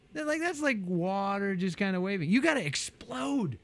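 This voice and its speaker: A man, a business coach, talking animatedly in an interview and acting out quotes with big jumps in pitch. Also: very animated, normal speed, a bit bright.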